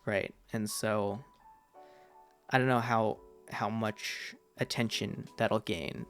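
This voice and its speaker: Gravelly-voiced man rambling on a game stream. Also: lowish voice, steady tone, slow, faint music behind. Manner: rambling, self-correcting, answers chat as he plays. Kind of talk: casual gaming livestream chat.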